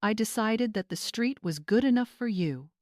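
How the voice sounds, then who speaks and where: A woman voicing a retired homeowner in her seventies who speaks with calm, clipped authority. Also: fairly high pitch, moderate pace, no echo, clean studio sound, pitched above the performer's own voice, natural voice. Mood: cool. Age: 70s.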